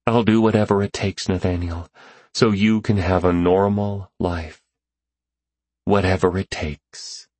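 A man voicing a tired, protective young mother who speaks softly and slowly. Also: low voice, steady tone, dry recording. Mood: tender.

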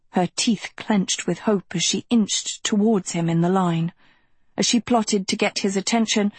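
Woman reading a fairy tale audiobook, husky voice, real slow and measured. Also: mid-range voice, no room sound. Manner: measured, expressive storytelling. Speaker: audiobook narrator. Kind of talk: scripted narration.

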